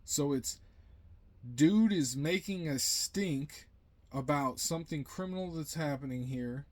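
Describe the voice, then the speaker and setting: A man's voice: a little high, unhurried. A young man venting in a blunt, profane, rambling monologue to camera. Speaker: vlogger.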